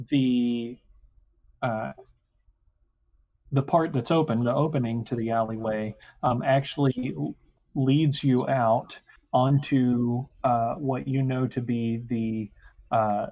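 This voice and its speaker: Man game master, mid voice, halting, muffled audio. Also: medium pitch, steady tone, mellow. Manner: halting, many fillers. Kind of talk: narrating a tabletop game.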